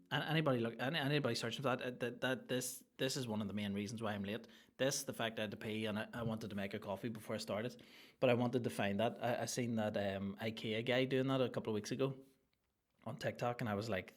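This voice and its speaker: A man hosting a solo comedy podcast, ranting in a crude, rambling and excitable way. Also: fairly low pitch, quick pace, faint music behind. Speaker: podcast host.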